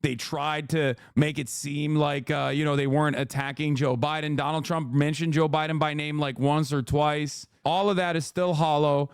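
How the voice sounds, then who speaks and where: A man's voice: fairly high pitch, level tone, moderate pace, hardly any pauses, clean tone, no echo, studio quality. A man hosting a live stream, reacting to political news with profane, fired-up ranting. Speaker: streamer host.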